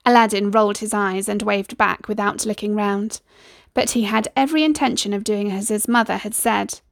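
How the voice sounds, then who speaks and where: A woman storyteller reading aloud in a steady, expressive way. Her voice has a gravelly fry at mid pitch, recorded close and dry. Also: normal speed, dry recording. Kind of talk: storybook narration.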